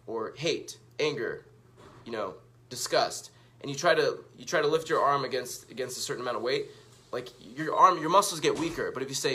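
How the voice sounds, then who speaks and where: A man's voice: medium pitch, expressive, fairly quick, few pauses, sharp tone. A man telling a casual, profane, self-mocking story to the camera while reading out tweets. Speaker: vlogger.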